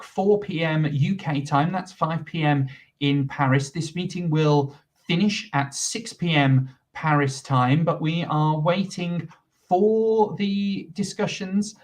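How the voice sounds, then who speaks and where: A livestream commentator with a high-pitched voice gives live commentary on a proceeding, explaining what's going on and filling time while he waits for it to move forward. He speaks slowly, on a distant mic.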